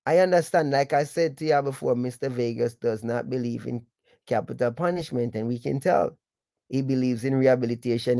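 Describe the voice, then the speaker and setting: Mellow-voiced Jamaican man hosting. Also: medium pitch, gravelly, dry recording. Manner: reflective, rambling with patois tags. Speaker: host. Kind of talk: live-stream commentary.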